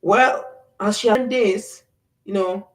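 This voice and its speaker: A woman's voice: medium pitch, takes it slowly. Middle-aged woman host, earnest and reflective, a bit distant from the mic in a roomy space. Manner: earnest, reflective, with many fillers and restarts. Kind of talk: faith-based talk. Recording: echoey room, voice off-mic.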